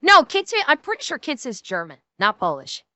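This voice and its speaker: A woman streamer talks through a video she is reacting to, animated and full of swearing. Her voice is high, bright and smooth, recorded dry and close. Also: fairly quick. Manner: animated, swears freely, laughs a lot. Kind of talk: live reaction commentary.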